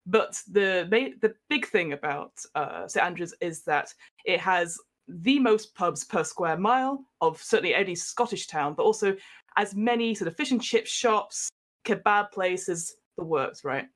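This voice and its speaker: A woman's voice: lowish voice, unhurried. English woman telling a story with laughs. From England. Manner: laughing storyteller, animated retelling. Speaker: podcast guest. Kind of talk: casual chat.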